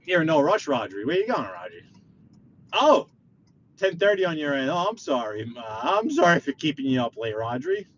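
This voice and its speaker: A man with a New York accent talks loosely to his live-stream viewers from behind the wheel, and his pitch swings widely as he reacts. The sound is a bit dull and lo-fi, with faint road hum behind him. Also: moderate pace. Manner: chatty, reads chat aloud, animated outbursts. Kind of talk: casual live-stream chat while driving. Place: inside a car.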